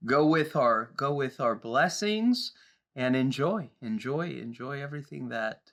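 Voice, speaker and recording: Gravelly-voiced church host, joking. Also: male voice, medium pitch, lively intonation, unhurried. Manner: warm, joking, restarts phrases. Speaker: Sabbath School host. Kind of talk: church program talk and prayer.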